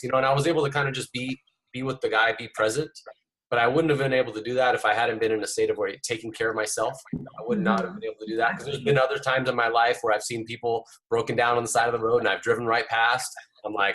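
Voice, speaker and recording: A man's voice: mid-range voice, steady tone, quick pace, a bit bright. A man hosting a coaching call, encouraging the participants and telling personal stories. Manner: encouraging, storytelling. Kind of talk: casual coaching talk.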